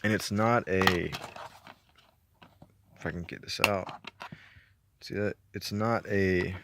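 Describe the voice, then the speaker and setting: Low-voiced Southern man rambling about movies. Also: fairly even intonation, slow, background noise. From Georgia, US. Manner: rambling, laid-back, profane, laughs often. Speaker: movie collector reviewing his collection. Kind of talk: casual chat.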